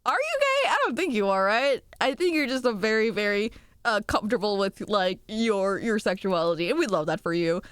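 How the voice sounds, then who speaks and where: A young woman streaming and chatting casually with viewers, giggly and animated. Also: smooth, dry recording, studio quality. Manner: giggly and animated, quick jumps in pitch. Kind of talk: casual chat reading viewer messages.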